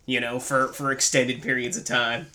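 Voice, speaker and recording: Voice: mid-range voice, flat delivery, normal speed, bright, forceful tone. A podcast co-host sarcastically riffing through a film review in casual chat.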